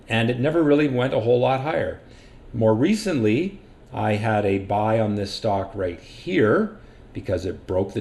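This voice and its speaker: Explaining risk and stop losses, a stock trading educator talks over a screen share in a plain, hands-on teaching manner. His voice sits on the low side and has a darkish tone.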